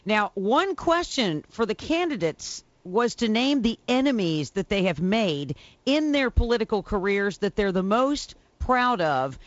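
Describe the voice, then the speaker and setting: A woman's voice: medium pitch, big pitch swings, measured pace, dry recording, lo-fi sound. A woman co-hosting a political radio show, reporting in a matter-of-fact way with fillers.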